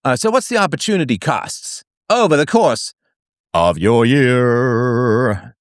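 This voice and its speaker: A man's voice: mid-range voice, sing-song, a little slow, no room sound. Guy ranting on his live show, voice swings way up and down, mocking and jokey, dry close sound. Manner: sarcastic and mocking; jokey asides between figures read out. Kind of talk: solo livestream monologue.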